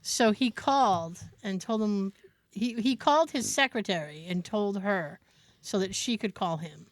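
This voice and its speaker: A little slow in delivery and mid-range in pitch, a woman tells an animated story as co-host of a podcast, voicing the people she quotes during the casual conversation. The recording is dry.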